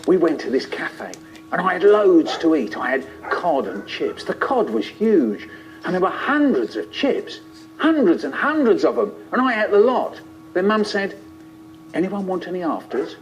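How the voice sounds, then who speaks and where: A man telling a childhood story in a playful, expressive way. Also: high-pitched, a little slow, soft background music. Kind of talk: animated storytelling. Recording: lo-fi, muffled.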